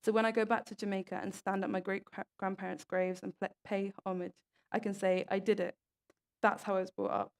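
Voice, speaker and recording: A young woman reads moving stories to an audience. Her delivery is earnest and fairly level in pitch, and her voice has a gravelly edge. She stumbles and restarts on a word from time to time. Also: flat delivery, brisk. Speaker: speaker at an event. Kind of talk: reading stories aloud in a talk.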